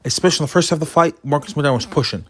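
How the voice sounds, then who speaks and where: Racing along in a slightly high voice, a man offers opinionated, casual commentary on a boxing result and gets animated retelling the funny moments.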